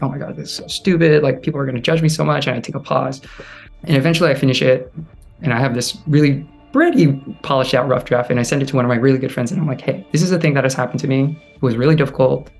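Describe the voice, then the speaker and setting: A young man earnestly telling a personal story, quick and full of "like". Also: medium pitch, creaky. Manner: fast, earnest, heavy on "like".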